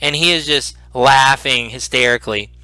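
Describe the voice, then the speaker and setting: A man narrating a tabletop role-playing game as game master, animated and full of restarts. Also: medium pitch, moderate pace, clear, resonant tone, no echo, rough recording. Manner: animated, repeats words and restarts.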